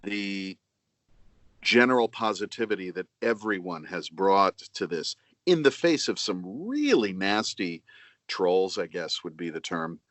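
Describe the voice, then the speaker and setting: A middle-aged man being interviewed as a guest voice actor, speaking in a measured, earnest way with many fillers and restarts. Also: low-pitched, lively intonation, fairly bright tone, dry recording. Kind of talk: casual interview.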